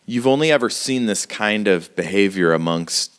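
Deep-voiced man running a tabletop game. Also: expressive, moderate pace, clean tone. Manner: descriptive casual narration. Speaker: game master.

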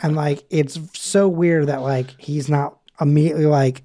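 A man's voice: a little high, steady tone, normal speed, dark tone. A man co-hosting a podcast, talking in a rambling, casual way with lots of fillers and restarts. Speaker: podcast co-host. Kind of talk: casual chat.

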